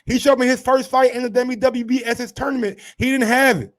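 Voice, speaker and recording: A man hosting a casual sports commentary show, brash and profane, swinging from low asides to loud heated rants. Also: fairly even intonation, a little fast.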